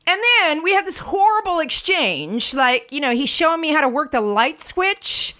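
A woman's voice: sits high, very animated, normal speed, bright, forceful tone. An American woman co-hosting a casual podcast, telling an indignant story with lots of asides. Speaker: podcast co-host.

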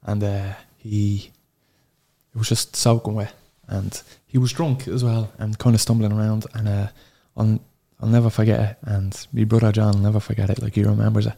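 An Irish man in his thirties with a low, gravelly voice and a dark, mellow tone. He tells a painful personal story as a podcast guest, halting often and swearing freely as the sorrow catches up with him. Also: little pitch movement. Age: 30s.

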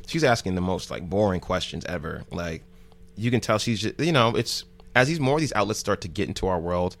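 This news show host from New Jersey has a low, creaky, fairly bright voice and speaks briskly and expressively. He rambles through a story in casual speech, leaning heavily on "like" and cursing without restraint.

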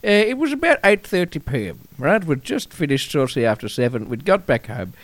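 A man co-hosting a comedy podcast, talking in a halting deadpan way full of fillers and restarts. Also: on the high side, no room sound. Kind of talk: deadpan improvised comedy chat.

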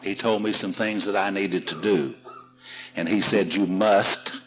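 A man's voice: deep voice, normal speed, soft background music, low-quality recording. A man telling self-mocking stories to a seminar audience from a podium, in an archival recording. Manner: folksy, self-mocking storyteller. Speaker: seminar speaker. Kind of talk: storytelling talk at a recovery seminar.

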